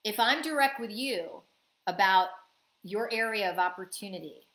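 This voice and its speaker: A woman's voice: medium pitch, moderate pace, a bit bright, reverberant. A woman business coach giving a live online coaching talk, answering chat questions and acting out little quoted exchanges.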